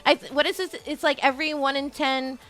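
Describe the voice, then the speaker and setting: A woman's voice: sits high, fairly even intonation, brisk, fairly bright tone. A woman hosting a charity stream, chatting casually and rambling with lots of fillers. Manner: rambling, filler-heavy, with emotional outbursts. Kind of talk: casual chat.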